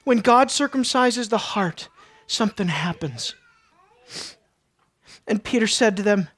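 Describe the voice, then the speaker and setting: A woman preaching a sermon with passion, dropping to a hush and then rising loud, at times out of breath. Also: mid-range voice, expressive, measured pace, long pauses, no echo, clean studio sound. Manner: impassioned, swings from hushed to loud.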